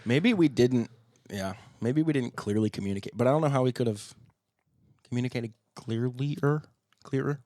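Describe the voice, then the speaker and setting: A man's voice: medium pitch, normal speed, dark tone, dry recording, clean studio sound. A man co-hosting a band podcast in casual chat, rambling and laughing often, with a cough drop in his mouth. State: sucking cough drops. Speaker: podcast co-host, band guitarist.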